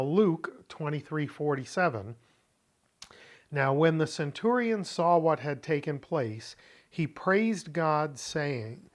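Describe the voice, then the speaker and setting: A man gives a careful, unhurried lesson, taking each word in turn. His voice sits a little high for a man, and he moves slowly and deliberately from term to term, pausing often. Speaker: Bible language teacher.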